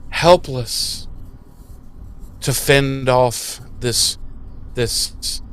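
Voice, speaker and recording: A man's voice: medium pitch, expressive, unhurried, fairly bright tone, a little hiss or hum. A man co-hosting a podcast, recapping a TV episode in casual chat with rambling, profane asides. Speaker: podcast co-host.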